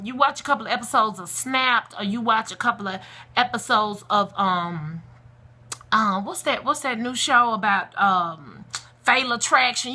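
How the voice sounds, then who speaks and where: A woman's voice: on the high side, sharp tone. A woman talking to camera, giving blunt, emphatic parenting advice in a preachy, outspoken casual style with vernacular asides. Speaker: parenting blogger.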